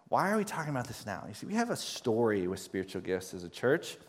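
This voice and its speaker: A man's voice: mid-range voice, big pitch swings, fast talker, few pauses. Man preaching an emphatic sermon. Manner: emphatic preaching with repetitions and rising questions. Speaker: pastor.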